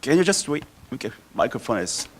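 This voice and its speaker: A man chairing a conference session, briskly calling for questions and wrapping up. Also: medium pitch, sing-song, slight background noise. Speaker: session moderator. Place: conference hall.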